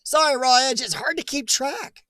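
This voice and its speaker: A chatty middle-aged man hosts a live stream, reading out comments and laughing easily between them. His voice sits high for a man. The sound is close and dry, with almost no room around it. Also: lively intonation, moderate pace, a bit bright, no echo. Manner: chatty, laughs often, talks back to chat.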